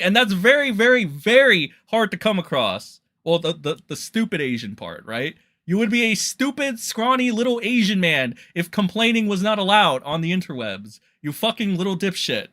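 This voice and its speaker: A man streaming casual commentary with a bright, forceful voice that sits a little high. He mocks and swears as he reads out posts, and his talk often climbs into loud rants. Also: very animated, moderate pace. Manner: profane, mocking, rising into loud rants. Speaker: streamer reading tweets.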